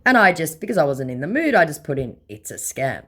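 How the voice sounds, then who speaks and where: A woman's voice: low voice, big pitch swings, fast talker, fairly bright tone. A woman hosting a scambaiting channel, talking casually and bluntly with sarcasm while reading out chat exchanges.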